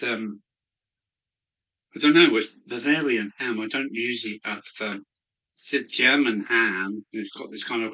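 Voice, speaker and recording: A man rambles slowly through a relaxed live stream from his hobby room, greeting viewers by name between bites. His voice is bright and forward, and he takes his time. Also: fairly low pitch. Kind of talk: casual chat while eating.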